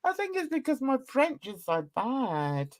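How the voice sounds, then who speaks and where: A woman's voice: high-pitched, wildly swooping pitch, a little slow. A middle-aged English woman, an artist hosting a casual video chat, rambling and laughing often. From England. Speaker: artist and channel host.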